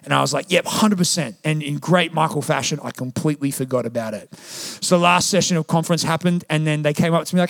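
Gravelly, passionate young male preacher. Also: a little high, fairly quick, hardly any pauses, no room sound, clean studio sound. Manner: passionate, conversational preaching with anecdotes. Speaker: pastor. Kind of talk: sermon. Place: church.

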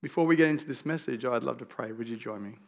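With a creaky, medium-pitched voice and a quick pace, a pastor with an Australian accent tells stories through a chatty sermon. His humour is lively and pokes fun at himself.

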